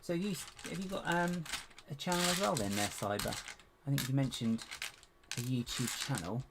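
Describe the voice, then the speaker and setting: A man's voice: mid-range voice, moderate pace. A man chatting casually on a live stream while he builds, muttering to himself as he hunts for parts and poking fun at himself. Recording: steady background hiss with clicks.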